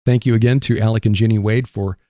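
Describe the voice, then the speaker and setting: A man with a Midwestern accent hosting a casual Christian radio talk show, rambling and halting with fillers. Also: fairly low pitch, steady tone, mellow, no room sound, studio quality. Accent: Midwestern American. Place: barn studio.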